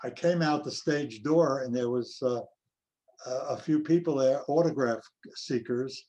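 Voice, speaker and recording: An older male actor reminiscing in an interview, telling anecdotes in an unhurried way. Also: mid-range voice, dark tone. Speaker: actor guest.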